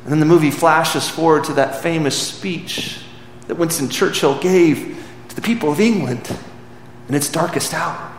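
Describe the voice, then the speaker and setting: A man's voice: a little high, moderate pace. A man preaching a sermon, earnestly retelling a film scene as a story. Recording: echoey hall with faint background noise.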